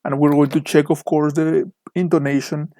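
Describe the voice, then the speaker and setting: A man's voice: fairly high pitch, level tone, normal speed, dark tone, no echo. A young man with a Mexican Spanish accent, a native Spanish speaker, teaching English online and carefully modeling the stress of word pairs. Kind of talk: online lesson narration over slides.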